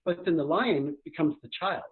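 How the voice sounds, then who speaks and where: Heard over a thin, tinny remote connection, a man with a voice sitting a little high does live coaching on a podcast. His energy is high and his words come at a million miles an hour.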